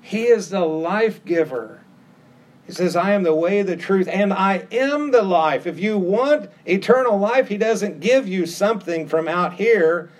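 A middle-aged male preacher delivers a sermon at a slow, deliberate pace. His voice sits a little higher than most men's and climbs on repeated phrases, pressing each point home with steady emphasis. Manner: emphatic, repetitive preaching cadence with rising emphasis.

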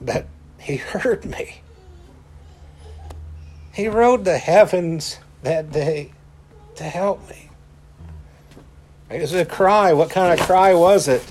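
A man preaching a sermon in a deliberate way, stressing his points by repeating key words. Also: high voice, a little mellow, slight background noise. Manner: slow, deliberate, emphatic repetition.

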